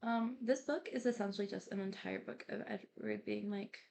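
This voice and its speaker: A young woman doing quiet ASMR rambling in a casual, giggly way, full of fillers. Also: mid-range voice, fairly even intonation, normal speed, creaky, a little hiss or hum. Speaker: YouTuber.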